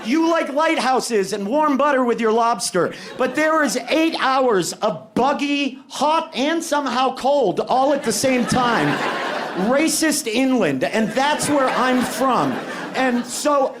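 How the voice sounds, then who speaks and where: Very high-voiced brash male comic. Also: lively intonation, takes it slowly. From Maine. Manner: brash, profane, self-mocking. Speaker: stand-up comedian. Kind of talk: stand-up set. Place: comedy club stage. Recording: live club mic with crowd and noise. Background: audience laughing.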